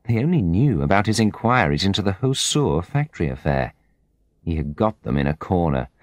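A man narrating an English-learner audiobook in a measured, expressive storytelling manner. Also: sits low, dry recording. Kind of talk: scripted narration of a graded reader.

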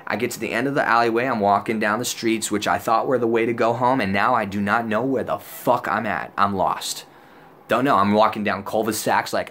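Speaking on the low side with a slightly bright tone, this young man is a vlogger spinning a casual story. His delivery is rambling and profane, thick with "like" and "dude," and he voices his earlier self loudly when quoting what he said.

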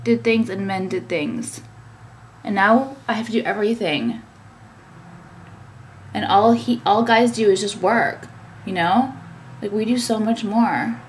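A woman's voice: mid-range voice, a little hiss or hum. Ranting young woman, filler-heavy. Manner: ranting, frequent "like" fillers, swearing. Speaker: vlogger and business owner. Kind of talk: casual chat to camera.

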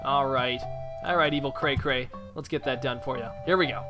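A man giving casual, excitable commentary while playing a video game, chatty and quick to exclaim. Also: medium pitch, over music. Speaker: gamer.

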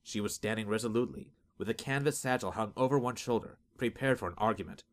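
A man giving steady, measured scripted narration of a fantasy audiobook. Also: lowish voice.

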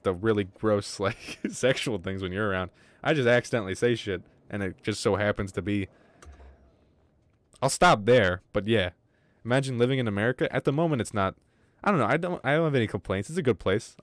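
A man's voice: on the low side, no room sound. A man streaming a game live, chatting casually with viewers in a rambling, joking way and swearing freely, with some wheezy breathing. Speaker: gaming streamer. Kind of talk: casual livestream chat.

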